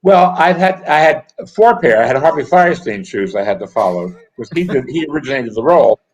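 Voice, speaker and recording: An older man, a comedy writer and actor, chatting casually as an interview guest and telling wry anecdotes with quick asides. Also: mid-range voice, lively intonation. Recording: dull lo-fi audio.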